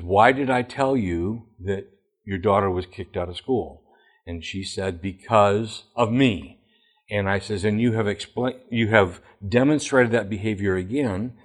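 Middle-aged man, fairly low voice, storytelling presenter, emphatic, plain-spoken. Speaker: education speaker, former school principal. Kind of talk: presentation with anecdotes.

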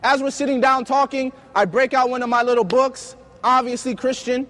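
High-voiced man preaching with stories. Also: moderate pace. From United States. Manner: lively storytelling, acting out dialogue. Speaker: youth preacher. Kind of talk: sermon with personal stories.

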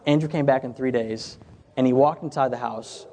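In a room set with chairs, a man speaks to a group about health ministry in an informal, storytelling style, frequently repeating and restarting phrases. His mid-range voice has a dark tone and a moderate pace, and long hall reverb colors the recording.

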